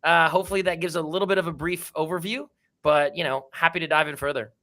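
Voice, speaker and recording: Upbeat man, bright slangy chat. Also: a little high, steady tone, fast. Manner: enthusiastic, slangy, lots of "like" and "dude". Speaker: guest, NFT collection co-founder. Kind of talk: casual livestream chat. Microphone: remote call microphone.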